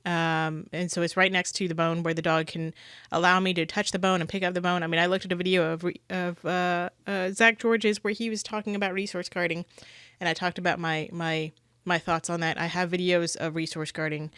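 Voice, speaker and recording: A woman's voice: fairly low pitch, little pitch movement, a little fast, a bit bright, clean tone, no echo, studio quality. A woman giving casual, earnest commentary on dog-training clips, speaking critically and often restarting her sentences.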